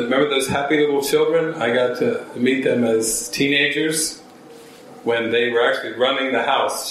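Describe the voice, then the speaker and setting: A man's voice: medium pitch, a bit bright. A man, a spiritual teacher, telling a story to a gathering and acting out quotes in shifting voices. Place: church hall. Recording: very echoey room, mic far off.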